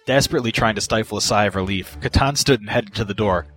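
Deep-voiced man reading a story. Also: fast talker, fairly bright tone, faint music behind. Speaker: reader. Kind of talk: fan fiction reading.

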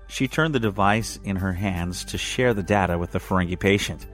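A man's voice: deep voice, normal speed, few pauses, faint music behind. A man narrating a science fiction story aloud. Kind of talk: reading fan fiction aloud.

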